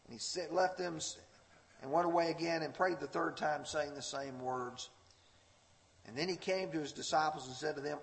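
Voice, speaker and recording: A man's voice: fairly high pitch, vocal fry. A man preaching a sermon, earnest and fervent, reading scripture with rising intensity. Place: church sanctuary. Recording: long hall reverb.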